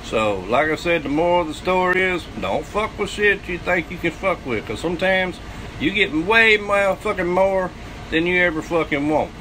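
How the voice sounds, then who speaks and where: A man's voice: high-pitched, moderate pace, bright, forceful tone, a little hiss or hum, poor audio. Profane Southern man spinning a yarn. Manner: profane, boastful, laughs often. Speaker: channel host telling a story. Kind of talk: crude storytelling monologue.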